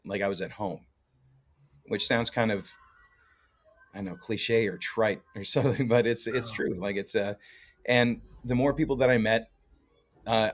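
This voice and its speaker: A man's voice: fairly low pitch, fairly even intonation, normal speed. A man from Canada, a guest co-host and musician, chatting casually in a jokey storytelling way with lots of fillers. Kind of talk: casual podcast chat.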